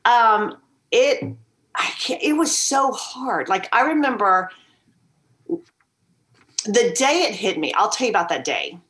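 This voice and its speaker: A woman's voice: medium pitch, unhurried, pauses often. Earnest woman guest, vivid storyteller, heard over a video call. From Virginia. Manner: earnest and emphatic, lively storyteller. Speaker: podcast guest. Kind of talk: candid storytelling interview.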